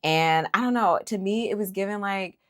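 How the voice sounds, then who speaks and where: A woman with a medium-pitched voice talks at a normal speed, casually recapping a reality show as its host. She's chatty and opinionated, animated throughout and leaning heavily on fillers.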